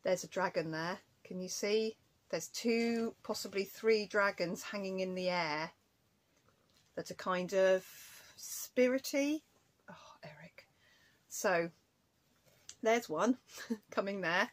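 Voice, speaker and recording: A woman's voice: medium pitch, slow. A woman chatting casually to camera in a cross-stitch vlog, rambling and breaking off to scold her cat.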